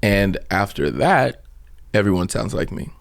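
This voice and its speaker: Animated male comedian from Trinidad. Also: fairly low pitch, measured pace, vocal fry. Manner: animated storyteller, laughs often, breaks into mock voices. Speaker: comedian guest. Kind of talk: casual interview chat.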